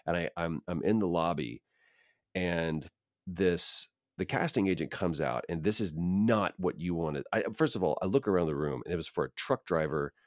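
A man's voice: low-pitched, normal speed, no echo, clean studio sound. A man, an actor, casually telling a self-deprecating story full of fillers and restarts. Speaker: actor guest.

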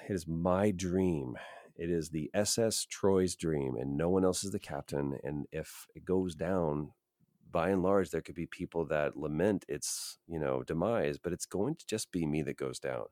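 A man with an extremely deep, low voice speaks as a guest in an interview, earnest and emphatic as he shares advice from his acting career. The sound is dry and close, with no room echo. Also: unhurried, a little mellow. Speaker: voice actor, podcast guest. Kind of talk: reflective interview talk.

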